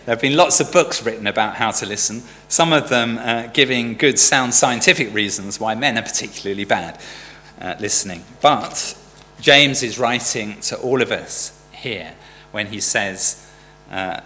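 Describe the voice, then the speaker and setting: A man's voice: fairly low pitch, moderate pace, bright, forceful tone. A man preaching a sermon in a conversational storytelling way. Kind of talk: sermon with a joke. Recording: church hall reverb with faint hum.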